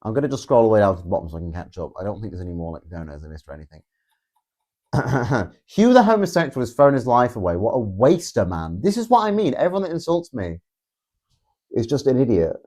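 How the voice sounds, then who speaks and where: A man's voice: on the low side, big pitch swings, quick pace, a little mellow. Young man chatting on a livestream. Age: 20s. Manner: rambling, sarcastic, swears often. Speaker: livestream host. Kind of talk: casual live-stream chat reading viewer comments.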